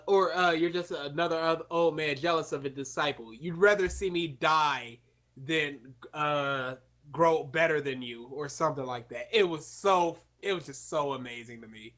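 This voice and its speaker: A young man co-hosting a casual podcast chat, excitable and prone to sudden loud outbursts. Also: on the high side, a little slow. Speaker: podcast co-host.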